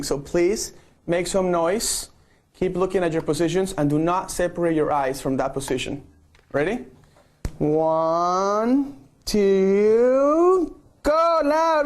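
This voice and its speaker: Man, slightly high voice, photographer coaching a group, playful and coaxing. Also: darkish tone. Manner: playful, coaxing, repeats okay. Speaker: photographer directing a group shoot. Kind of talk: live-streamed instruction.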